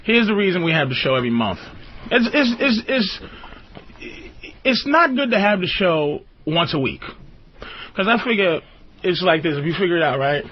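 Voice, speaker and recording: In a radio studio, a man hosting a call-in show rants in a profane, rambling way and laughs often. His high voice is sing-song, at normal speed with frequent pauses, and the recording is dull and lo-fi with faint hiss.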